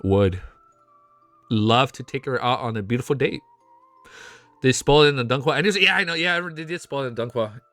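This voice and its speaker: A man reacting live on stream, excitable and emotional, cursing often as he talks to chat. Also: mid-range voice, normal speed, pauses often, dry recording, soft background music. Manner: excitable, swears a lot, emotional. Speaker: streamer reacting to web novel fan art.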